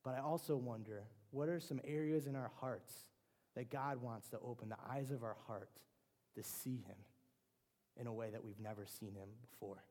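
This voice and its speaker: A man preaches in a relaxed, conversational way and often restarts his phrases. His voice sits in a mid register with a mellow, warm tone. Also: mid-range voice, moderate pace. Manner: conversational, with frequent restarts and fillers. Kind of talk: sermon.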